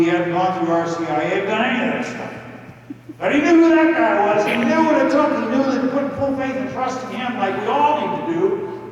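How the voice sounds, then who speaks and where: Guy with a higher voice giving a church talk, casual and punchy, echoey hall, mic far away. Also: muffled recording. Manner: casual, emphatic storytelling. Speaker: guest speaker. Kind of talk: retelling a story in a church talk. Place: large church. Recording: echoey hall, distant mic, faint noise.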